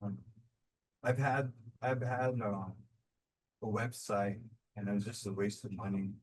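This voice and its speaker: A man from New Mexico, an artist guest talking casually on a video call, relaxed and rambling with many fillers and repeated words. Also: on the low side, unhurried, breathy edge, rough recording. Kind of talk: casual online talk.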